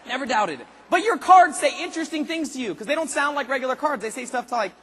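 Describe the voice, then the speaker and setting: Man, motivational speaker, very high voice, husky tone, lively speech to a big arena crowd. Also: quick pace, big-room sound. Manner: animated, acts out quoted voices, rhetorical questions to the crowd. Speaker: motivational speaker at a sales convention. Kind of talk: energetic motivational speech to a large audience. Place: large arena convention hall.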